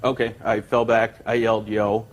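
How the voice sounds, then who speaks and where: Man, plaintiff, rambling testimony, lowish voice, courtroom. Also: level tone, normal speed. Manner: rambling storyteller, quoting with gusto.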